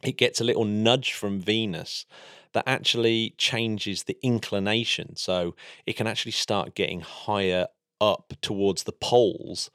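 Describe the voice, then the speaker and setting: An English man with a lowish voice, chatting eagerly as a podcast co-host about spacecraft and the sun. The recording is dry and close, with no room sound. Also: fairly even intonation, unhurried, a bit bright, no room sound. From England. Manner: enthusiastic, explanatory. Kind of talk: casual science chat.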